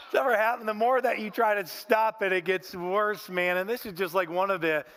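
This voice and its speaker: A man's voice: high voice, steady tone, fairly quick, fairly bright tone, slight background noise. A man preaching a sermon in a church, telling stories in a folksy way and often saying "man". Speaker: pastor. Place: church sanctuary.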